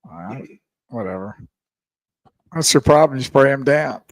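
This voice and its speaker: A man hosts a radio show in a studio, chatting casually, laughing, and greeting his listeners. His medium-pitched voice is expressive and moderately paced, picked up by a studio microphone with no echo.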